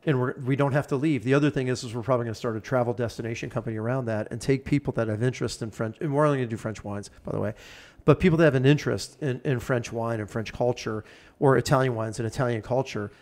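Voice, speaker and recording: A man's voice: mid-range voice, fast, a little mellow. Enthusiastic rambling man. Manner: enthusiastic, rambling, piles up plans. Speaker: podcast guest. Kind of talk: casual chat.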